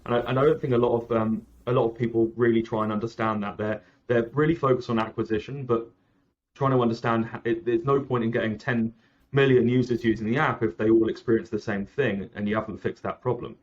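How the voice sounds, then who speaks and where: A man who founded an app talks casually as a guest in an interview, rambling and correcting himself often while frequently saying "like" and "um." His mid-range voice moves at a quick pace with fairly even intonation. The recording has its highs cut off.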